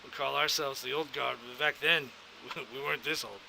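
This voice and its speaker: A man with a strongly gravelly, very bright and forceful voice plays a veteran in a sci-fi role-play. He talks in an easygoing, fatherly way, over faint background noise. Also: medium pitch, steady tone, normal speed, low-quality recording. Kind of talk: in-character role-play chat.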